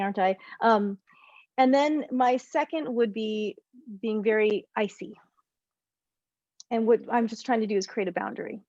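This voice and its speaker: A relationship coach, a woman with a medium-pitched voice, leads a group session over a video call. Her animated explanations ramble, and she keeps correcting herself and restarting sentences. The recording is dry and lo-fi.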